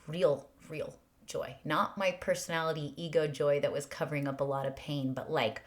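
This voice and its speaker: A woman hosting a podcast, giving a reflective spiritual monologue in an earnest way, stacking rhetorical questions and sometimes dropping to a breathy near-whisper. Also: low voice, steady tone, moderate pace, hardly any pauses. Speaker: podcast host.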